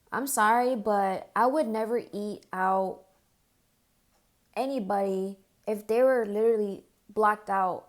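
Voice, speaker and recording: A young vlogger tells her viewers a personal story to camera, earnest and shaken, her mid-range voice loose and full of "like" fillers. When quoting herself, she drops into a hushed, quieter tone.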